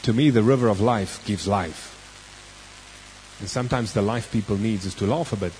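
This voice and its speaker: A man's voice: fairly low pitch, moderate pace, darkish tone, slight background noise, rough recording. A man with a South African accent preaching a sermon, telling a personal story in a conversational way and drawing out key phrases for emphasis.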